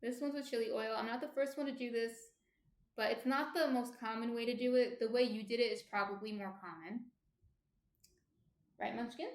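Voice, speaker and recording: A woman's voice: fairly high pitch, fairly even intonation, brisk, reverberant. A woman from New Jersey with a New Jersey accent, chatting casually on a baking livestream and answering viewers' comments. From New Jersey, USA. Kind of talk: casual live-stream chat.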